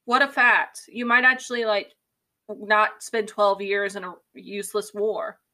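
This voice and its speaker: A woman's voice: medium pitch, measured pace. A young woman in a casual book chat, talking bluntly and swearing often. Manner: blunt, profane, animated. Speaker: podcast co-host.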